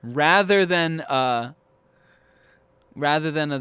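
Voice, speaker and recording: A man's voice: a little high, normal speed, a bit bright, clean tone, no echo. A man co-hosting a casual film podcast, thinking aloud in long rambling turns with restarts. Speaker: podcast co-host.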